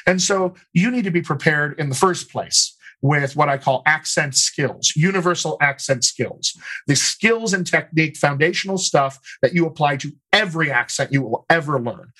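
A man working as a dialect coach, answering interview questions in an explanatory, animated way and laughing easily. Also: fairly high pitch, normal speed, low-quality recording.

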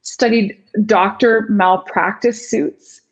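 A woman's voice: mid-range voice, steady tone, slow, slightly rough, low-quality recording. A woman guest speaker and communication coach who explains with energy and demonstrates vocal tones as she goes. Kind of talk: instructive interview talk.

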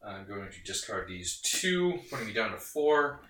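A man's voice: on the low side, very animated, normal speed, very noisy. A man at a board game table, explaining rules and laughing often in casual banter. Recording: echoey room, mic at a distance.

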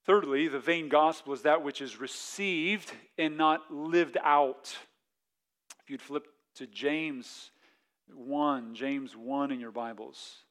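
A man, a pastor, preaching a sermon, reading scripture slowly and then pressing his point with rhetorical questions and repeated words. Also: fairly high pitch, fairly bright tone.

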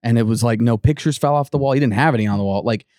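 A man's voice: mid-range voice, racing, darkish tone, dry recording, studio quality. A man telling a ghost story to his co-hosts in a casual, rambling way, full of fillers and restarts, acting out what people said.

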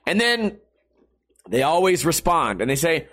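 A man's voice: high voice, big pitch swings, unhurried, pauses often, bright, forceful tone. A young man talking straight to camera in a casual, sarcastic rant, swearing freely as he vents about his internet and skating. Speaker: skateboarder vlogger. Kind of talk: casual profane monologue.

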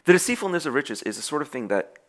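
A man's voice: a little high, quick pace. A man preaching a sermon, telling a spy story and acting out the characters' lines, with frequent restarts. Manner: animated storyteller acting out quoted dialogue, many restarts.

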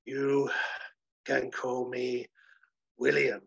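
Drowsy, self-important sloth for a spoken story; a man doing a very slow husky drawl, dull lo-fi sound. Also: mid-range voice, monotone, full character voice. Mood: sleepy, pompous. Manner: very slow, drawled, stuffy formality. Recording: dull lo-fi recording.

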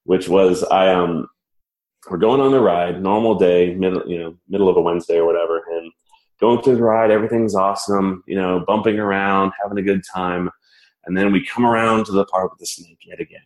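Deep-voiced man telling a story. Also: fairly quick. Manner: animated, self-mocking, laughs while telling. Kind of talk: casual personal storytelling. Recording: roomy echo.

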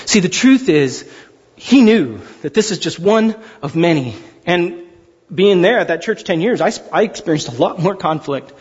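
A man in his forties, a pastor giving a sermon, telling stories with animated quoted voices. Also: sits high, normal speed, husky. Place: large church hall. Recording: dull sound with long hall reverb.

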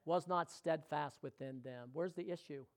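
On the high side and at a normal speed, a male pastor preaches, alternating loud calls to action with hushed, intimate passages. He puts questions straight to his listeners in the congregation.

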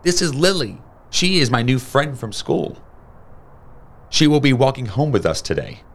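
A man voicing a spunky young girl who owns a rooster, speaking in a higher, bossy voice. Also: big pitch swings, moderate pace, a little hiss or hum. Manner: bold, bossy, higher girlish voice.

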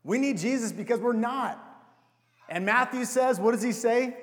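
A man's voice: extremely high pitch, moderate pace. A young man preaching a sermon in a conversational, self-deprecating way, asking the audience rhetorical questions. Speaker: pastor. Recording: long hall reverb.

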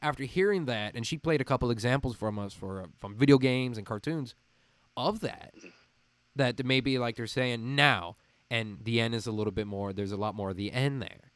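A man with a faint Midwestern American accent chats as a podcast host, rambling and animated. His voice sits at an ordinary middle pitch. The sound is dry and close, with no room around it, as on a video call. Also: moderate pace, no echo. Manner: animated, rambling, laughs often. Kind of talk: casual chat.

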